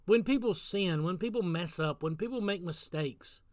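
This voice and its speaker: A man's voice: high-pitched, moderate pace, no echo, studio quality. A man giving a casual devotional talk as pastor, telling a story in an earnest way and repeating phrases for emphasis.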